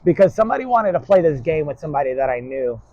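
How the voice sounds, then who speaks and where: A man's voice: fairly high pitch, big pitch swings, quick pace, darkish tone, dry recording, highs cut off. Stern, blunt man with a raised voice. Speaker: lecturer. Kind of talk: rambling spoken lesson.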